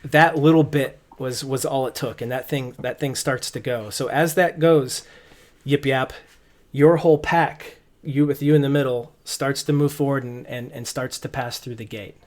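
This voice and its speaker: A man narrating as game master, relaxed and rambling with many restarts. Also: medium pitch, moderate pace.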